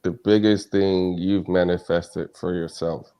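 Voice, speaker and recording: Low-voiced relaxed podcast host. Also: male voice, measured pace. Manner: relaxed, conversational questions. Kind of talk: casual podcast interview.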